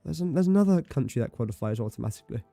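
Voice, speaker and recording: A man's voice: medium pitch, animated, rapid-fire, creaky, dark tone, no room sound, soft background music. A young man chatting casually while livestreaming a game, rambling and correcting himself as he talks. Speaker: streamer. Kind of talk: casual gameplay livestream chat.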